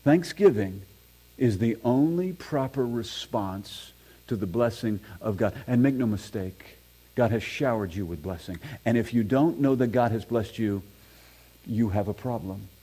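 Pastor guy preaching in church on a mic, warm mellow voice, earnest, reads scripture out loud. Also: mid-range voice, measured pace, rough recording. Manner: earnest preaching, reads scripture aloud, self-deprecating asides. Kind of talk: sermon. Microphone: microphone.

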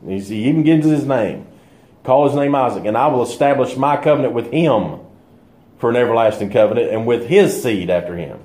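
A man's voice: medium pitch, animated, a little fast, darkish tone. Man teaching scripture in an echoey room. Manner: conversational, thinks aloud with fillers and restarts. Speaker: bible teacher. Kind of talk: bible study teaching.

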